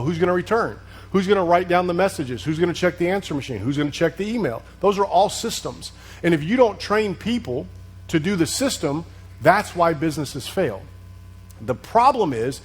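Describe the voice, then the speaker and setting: A man with a somewhat high, husky voice leads a leadership session as a pastor. He preaches conversationally, with humor and questions thrown back at his listeners.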